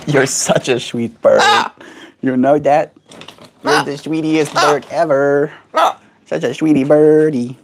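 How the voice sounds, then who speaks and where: A man's voice: fairly high pitch, slight background noise. Man cooing baby talk to a pet bird. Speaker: streamer. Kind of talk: casual chat with a pet bird.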